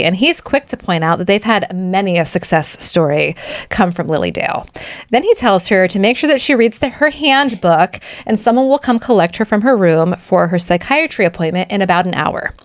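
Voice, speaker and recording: A woman's voice: medium pitch, no room sound, clean studio sound. A woman co-hosting a podcast, chattily recapping a book plot with sarcastic asides and frequent laughs. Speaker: podcast co-host.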